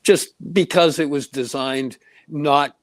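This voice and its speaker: A man's voice: fairly high pitch, slow, no echo. A man chatting on a talk show as a guest who makes remedies, telling long stories with plenty of "uh" and "um". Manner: rambling storyteller with many fillers. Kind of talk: casual talk-show chat.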